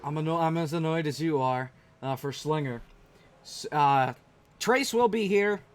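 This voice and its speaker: High-voiced casual race commentator. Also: male voice, measured pace, background noise. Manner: casual and rambling, with many restarts. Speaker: sim racing commentator. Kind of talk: live stream race commentary.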